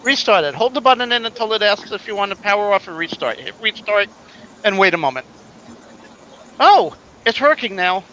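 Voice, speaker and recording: Bright high-voiced chatty man. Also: animated, quick pace, a little hiss or hum, low-quality recording. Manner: chatty storyteller, easygoing and joking. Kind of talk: casual chat.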